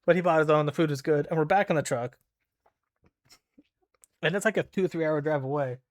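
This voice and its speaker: Young male streamer, casual and profane, storytelling between game moments; higher voice, dry. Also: brisk, dry recording. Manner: rambling, profane, lots of 'like' fillers. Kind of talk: casual storytelling while gaming.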